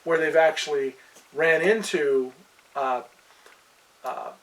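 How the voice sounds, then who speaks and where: A man's voice: on the high side, slow pace, distant mic, rough recording. A man who runs a tabletop fantasy world, chatting casually on a podcast and rambling with many fillers and restarts. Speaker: game master.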